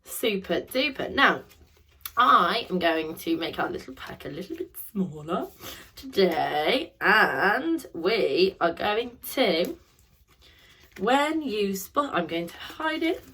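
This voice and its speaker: A woman's voice: medium pitch, big pitch swings, slow, sharp tone, breathy edge. A young woman teaching a phonics lesson to children, drilling sounds in call and response and praising each answer.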